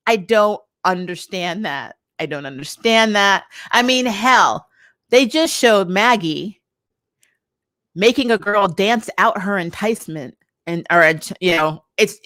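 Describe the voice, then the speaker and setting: A woman's voice: medium pitch, slow, dry recording, studio quality. Laughing, exasperated woman reviewing TV. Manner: animated, laughing, exasperated asides. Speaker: TV review vlogger. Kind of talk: casual spoken TV review.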